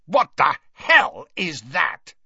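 A man's voice: on the high side, huge pitch swings, slow pace, vocal fry, husky, no room sound, voice pushed up, heavily acted. A man voicing a blustering, bad-tempered middle-aged uncle who bellows, in a dry, slightly dull recording. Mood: angry. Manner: shouting, bellowing.

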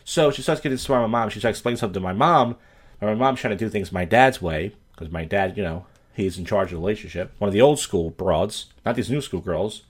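A man from Philadelphia with a lowish, slightly rough voice talks at a quick pace. As a podcast host he tells stories and delivers blunt, profane commentary in a crude rant.

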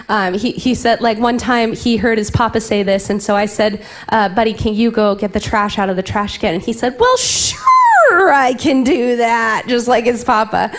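A woman in her thirties preaching a sermon, telling playful family stories and dropping into whispers for effect. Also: mid-range voice. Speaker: pastor.

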